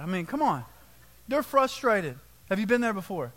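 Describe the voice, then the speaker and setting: A man's voice: high voice, very animated, normal speed, a bit bright. A man preaching a conversational sermon as a pastor at a church service, casual and direct, peppered with rhetorical questions.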